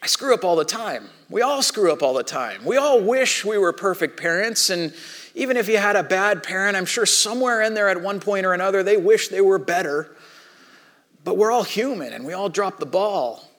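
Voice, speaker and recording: A pastor in his thirties tells a story from the pulpit, acting out his own lines. His fairly high voice climbs when he gets worked up and drops to near a murmur when he turns reflective. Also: moderate pace. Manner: animated storytelling, acts out his own panic and shouting. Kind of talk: sermon with personal story.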